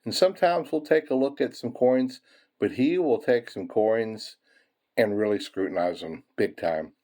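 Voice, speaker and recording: Sorting pennies for his coin-hunting video, this man talks with viewers in a relaxed, folksy way, addressing them as folks and chuckling a lot. His voice sits at medium pitch, moves a little slowly, and has a warm tone. He runs a coin-roll hunting channel and chats as he searches the rolls.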